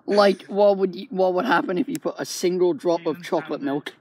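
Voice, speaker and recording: A man vlogging with friends, crude and teasing, laughing loudly and often, with a busy crowd behind him. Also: high-pitched, fairly quick. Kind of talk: casual chat.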